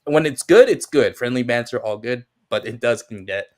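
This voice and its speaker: A man's voice: mid-range voice, normal speed, darkish tone. A young man, a stream guest, chatting casually in a rambling way, full of restarts and filler words. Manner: rambling, heavy use of "like" and restarts. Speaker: podcast guest. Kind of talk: casual chat.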